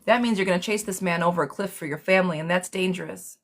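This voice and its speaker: Woman, lowish voice, live tarot reader, casual, blunt, excitable, swears, pet names. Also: fast.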